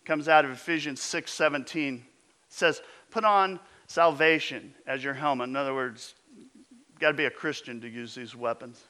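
A man preaching a sermon as pastor, emphatic, with his voice often dropping low and intense. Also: moderate pace, pushed and bright.

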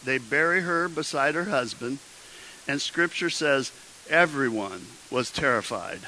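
A man's voice: mid-range voice, lively intonation, a little slow, sharp tone, low-quality recording. A man preaching a sermon, telling a story with jokes and acting out the quotes. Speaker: pastor. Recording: faint hiss.

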